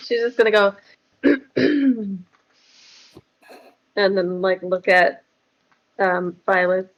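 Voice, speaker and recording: A woman calmly describing her character's actions as a player in a tabletop game. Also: mid-range voice, a little slow, muffled recording.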